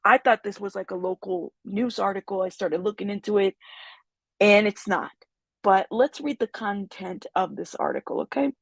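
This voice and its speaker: Sick-sounding woman w/ a raspy fry, chatting to her stream, dry room. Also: mid-range voice, normal speed, no echo. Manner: rambling, greets chat viewers. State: congested from a cold. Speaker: YouTube news host. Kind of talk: casual livestream commentary.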